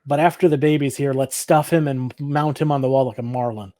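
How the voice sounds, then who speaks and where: A man's voice: medium pitch, fairly even intonation, a little fast, mellow, dry recording, studio quality. A man co-hosting a podcast, recapping an episode in casual chat, laughing often and acting out the characters' lines. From Michigan. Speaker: podcast co-host.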